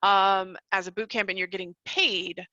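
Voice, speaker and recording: A woman teaching a live online class in a bright, forceful voice, chatty and quick to laugh. Her audio is dry and a little dull, like a computer mic on a video call. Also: mid-range voice, steady tone, no room sound. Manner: chatty, laughs often, calls listeners y'all. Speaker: online course host.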